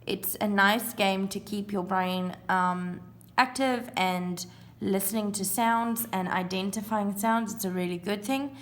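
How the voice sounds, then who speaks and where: A woman's voice: medium pitch, steady tone, measured pace. A woman teaching a recorded phonics lesson to young children, sounding out letters and counting spaces aloud. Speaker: primary school teacher.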